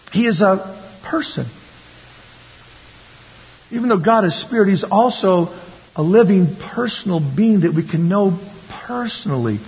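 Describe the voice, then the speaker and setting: A man preaches with a very high, husky voice that swings widely in pitch, driving home his points by repeating phrases and calling on the congregation to echo him. The recording is dull and lo-fi, with a long reverb trailing off each line in a big church hall. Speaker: pastor. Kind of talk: sermon.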